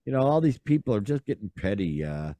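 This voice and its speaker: A man's voice: lowish voice, very animated, brisk, mellow, no echo. A man hosting a podcast, rambling and exasperated in casual chat. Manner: rambling, exasperated, lots of fillers and sighs. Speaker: podcast host.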